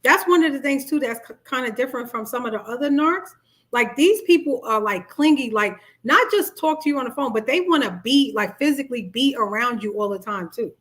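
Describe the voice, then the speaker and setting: A middle-aged woman life coach, talking casually to a live-stream audience and acting out quoted dialogue. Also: brisk. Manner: chatty, animated, acts out quoted dialogue in high voices. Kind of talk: live-stream talk on narcissistic abuse.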